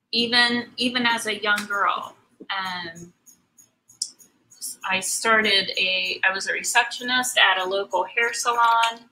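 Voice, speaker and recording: A woman's voice: mid-range voice, sharp tone, slight background noise, low-quality recording. A middle-aged woman chatting casually while she paints, answering viewer comments in a rambling way with many ums and restarts. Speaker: artist hosting a live painting stream.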